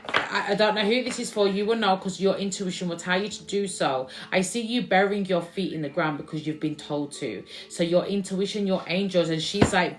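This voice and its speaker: A woman's voice: lowish voice, a little hiss or hum. Chatty woman reading oracle cards. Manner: chatty, repeats lines she hears from spirit. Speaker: spiritual card reader. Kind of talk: casual intuitive card reading.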